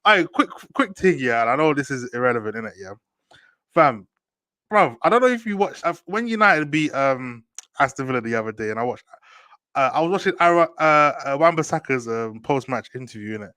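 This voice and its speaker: A young man hosting a casual football chat, slangy and animated, often asking "do you get me". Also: mid-range voice, brisk, no room sound. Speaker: host.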